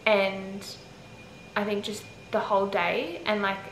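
A woman's voice: medium pitch, slow pace. A young Australian woman telling a travel story to camera in a rambling, chatty way, filling her speech with "like". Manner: rambling, heavy use of "like", animated retelling. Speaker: travel vlogger. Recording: echoey with faint ambient noise.

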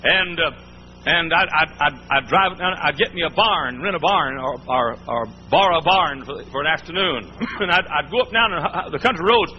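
A man's voice: fairly high pitch, moderate pace. A man pastor preaching a sermon, telling folksy stories and often repeating and restarting his words. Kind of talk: storytelling sermon. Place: church before a congregation. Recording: muffled old sermon tape with faint hum.

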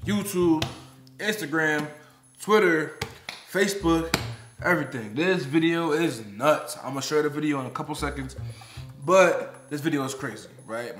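Young guy reacting to a clip, kinda high voice, slangy, echoey room with faint music. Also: a bit bright. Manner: loose slangy talk, laughs along. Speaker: reaction channel host. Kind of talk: casual reaction commentary. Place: indoors, sit-down video.

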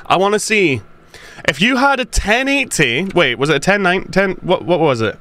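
A man's voice: high voice, animated, moderate pace, sharp tone. A man giving casual commentary while playing a game, ranting in frustration and swearing.

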